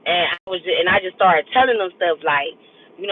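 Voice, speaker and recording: Woman, 40s, casual storytime, halting and reflective, recorded in a car, tinny phone-like sound. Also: lowish voice. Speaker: vlogger. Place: car while driving.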